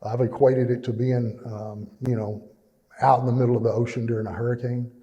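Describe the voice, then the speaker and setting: A man's voice: mid-range voice, flat delivery, fairly quick, mellow, dull audio. Man, middle-aged, plainspoken church testimony with many fillers, echoing through a reverberant hall. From East Texas. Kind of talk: personal testimony.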